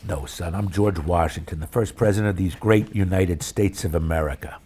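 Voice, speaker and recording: Fatherly ghost of an old statesman, read by a man with a cold, low and grand. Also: a little fast, warm tone, slightly rough. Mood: solemn. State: has a cold.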